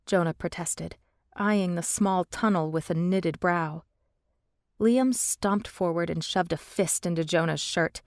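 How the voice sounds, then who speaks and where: Low-voiced woman narrating an audiobook. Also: moderate pace, a little mellow, dry recording, studio quality. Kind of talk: scripted first-person narration.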